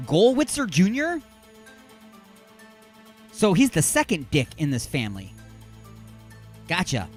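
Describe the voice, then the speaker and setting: Lively high-voiced joking radio host man. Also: a little slow, pauses often, faint music behind. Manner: joking, rambling and self-mocking asides. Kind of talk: comedic radio banter reading news stories. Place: internet radio studio.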